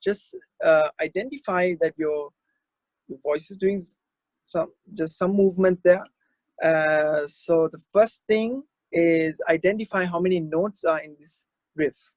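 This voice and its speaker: Man, vocal coach, slow and halting, dry close sound, online workshop. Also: fairly high pitch, dry recording. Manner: relaxed, halting explanations with sung examples. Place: online video call.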